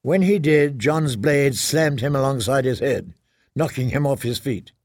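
A man narrating a fantasy audiobook in a steady, measured way. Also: medium pitch, dry recording, studio quality.

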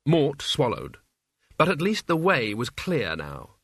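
A man reading an audiobook as its narrator, in an even, measured storytelling manner. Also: medium pitch, husky, no room sound, clean studio sound.

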